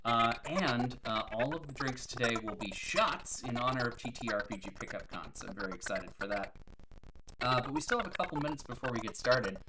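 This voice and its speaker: This very deep-voiced woman runs a live stream at a brisk clip, keeping things loose and chatty with cheesy jokes and self-mockery. Constant background noise hums under her speech, while her pitch jumps around a great deal.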